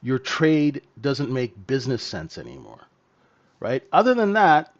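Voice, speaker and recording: A man's voice: medium pitch, wildly swooping pitch, measured pace. A man teaching live in a trading room, blunt and emphatic, tagging sentences with "right?". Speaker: trading mentor. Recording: dull lo-fi stream audio.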